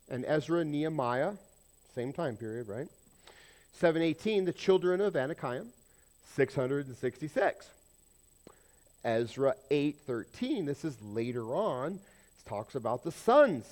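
A man preaching to his congregation in an animated way, his voice lifting for big points and dropping low for asides. He keeps throwing rhetorical questions at the room. His pitch sits in the middle. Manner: animated, swings between loud exclamation and low confiding asides. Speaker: pastor. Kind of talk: sermon.

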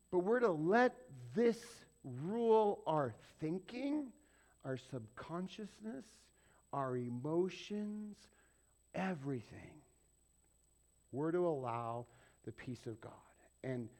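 A man's voice: fairly high pitch, very animated, slow, a little mellow. A middle-aged male pastor preaching a sermon in a conversational way, firing off rhetorical questions and acting out little exchanges.

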